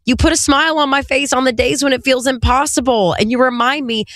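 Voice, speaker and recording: A woman radio host making an earnest, quick-talking fundraising appeal and slowing down to read out numbers. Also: sits high, fairly even intonation, fairly bright tone, dry recording, studio quality.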